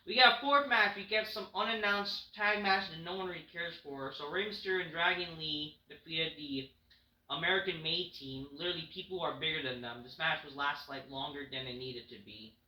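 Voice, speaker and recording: A man's voice: a little high, fairly quick, sharp tone. A man reviewing a wrestling show in a casual, profane rant, blunt and dismissive. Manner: blunt, dismissive, frequent swearing. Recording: roomy echo.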